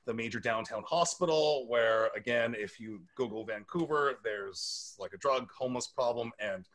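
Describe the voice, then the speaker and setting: A man hosting a casual podcast chat, telling lively stories and laughing often. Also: medium pitch, normal speed. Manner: animated storyteller, laughs often. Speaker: podcast host and personal trainer.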